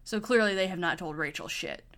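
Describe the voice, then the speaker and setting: A woman's voice: on the low side, brisk, a bit bright. Chatty woman podcast co-host. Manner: chatty, self-deprecating about being pedantic. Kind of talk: casual chat recapping a TV episode.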